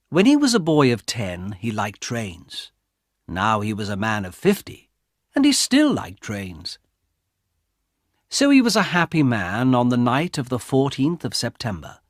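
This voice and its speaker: A man reading a story aloud in a clear, deliberate way for English learners. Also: mid-range voice, no echo, studio quality. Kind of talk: slow scripted story narration for English learners.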